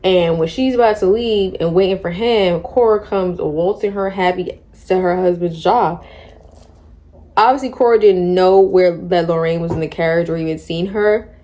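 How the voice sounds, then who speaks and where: A young woman in her twenties, a book vlogger, talking through a novel in a chatty, slangy, animated way. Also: fairly low pitch, normal speed. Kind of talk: casual book discussion.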